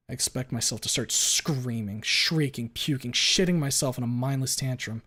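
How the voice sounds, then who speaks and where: A man streaming a first-person story reading, dramatic and expressive, with sudden loud outbursts. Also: mid-range voice, moderate pace.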